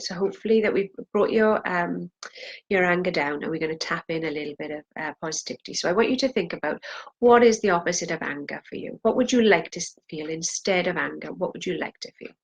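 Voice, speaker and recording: A woman's voice: on the low side, a little fast, vocal fry, dull audio. A woman leading a guided tapping session, saying phrases for the viewer to repeat and pressing harder on the angry lines. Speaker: EFT tapping practitioner.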